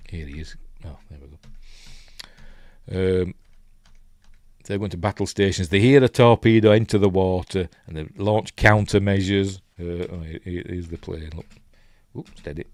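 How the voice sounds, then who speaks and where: A man from Yorkshire, England, speaking at a moderate pace in a deep, slightly mellow voice, chats loosely about a film he's reviewing, with lots of ums and forgetful asides.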